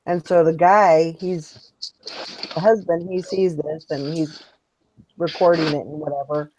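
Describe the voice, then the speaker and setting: Slow, low-voiced woman hosting a chat. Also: steady tone, mellow, slight background noise. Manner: rambling, chatty storytelling with restarts. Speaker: host of a morning hangout show. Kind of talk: casual chat. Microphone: online video hangout.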